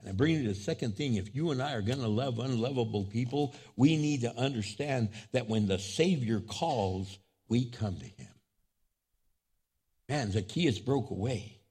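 A male pastor preaching a sermon to a church and online viewers, swinging between loud, high climaxes and low, quiet asides, and acting out quoted voices. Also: animated, normal speed, slightly rough. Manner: preaching with big swings in pitch and loudness, voicing quoted speech.

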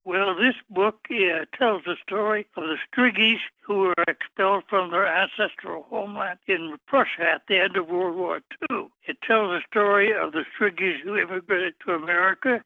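An older man answering interview questions about his book in a plain, measured storytelling way. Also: high-pitched, no echo. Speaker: guest author. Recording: tinny phone line.

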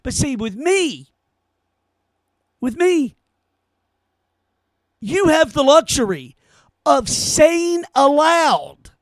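High-voiced emphatic male commentator. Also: big pitch swings, extremely slow, pauses often, no room sound. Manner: emphatic and rhetorical, repeats phrases. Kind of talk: opinion commentary monologue.

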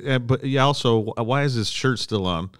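A man's voice: medium pitch, normal speed, smooth. Teasing man with a mid-range voice. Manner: teasing, jokey. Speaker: co-host. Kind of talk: casual chat.

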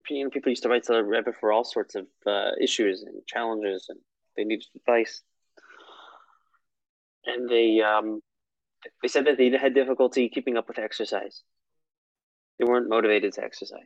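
A man's voice: mid-range voice, dry recording, muffled recording. A man teaching a lesson on prayer in a conversational, storytelling way, with asides.

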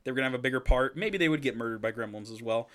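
A man's voice: medium pitch, rapid-fire. A man co-hosting a podcast, recapping a movie in casual, profane, joking banter and laughing often. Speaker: podcast co-host.

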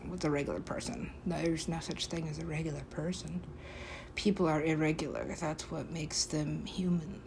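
A woman vlogging in rambling self-talk, shifting between hushed whispers and louder playful back-and-forth lines, as if arguing with herself. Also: deep voice, steady tone, moderate pace, background noise.

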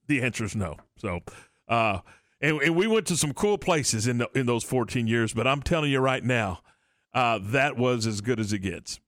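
A man's voice: medium pitch, expressive, normal speed, a bit bright, no room sound, clean studio sound. A man hosting a sports radio show, talking casually and rambling with frequent restarts. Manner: rambling, many restarts and fillers.

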